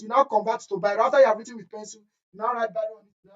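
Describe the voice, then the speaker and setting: A woman's voice: fairly high pitch, steady tone, very fast, muffled recording. A woman chemistry teacher, giving an exam-prep lesson in an emphatic, scolding way that repeats key points. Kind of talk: exam-prep lesson, screen-share walkthrough.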